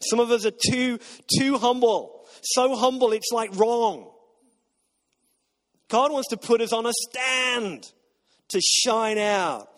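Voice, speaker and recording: A man's voice: very high-pitched, slow pace, fairly bright tone. A man preaching a sermon as pastor, emphatic and repetitive, getting the congregation to repeat lines back. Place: church auditorium. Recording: long reverb of a large hall.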